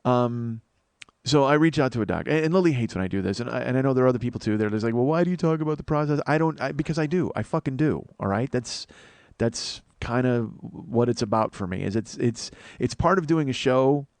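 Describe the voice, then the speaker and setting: A man's voice: medium pitch, expressive, fairly quick, a little mellow, no room sound. Sleep-deprived man rambling at a mic. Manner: self-deprecating, swears a lot, restarts often. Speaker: podcast host. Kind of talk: rambling comedy podcast monologue.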